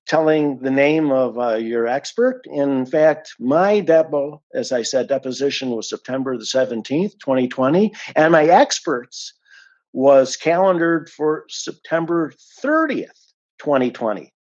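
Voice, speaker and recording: A man's voice: mid-range voice, expressive, unhurried, a little mellow, dull audio. A man giving an indignant, emphatic account of a complaint as an unhappy client, stressing and repeating his points. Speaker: dissatisfied client giving a review.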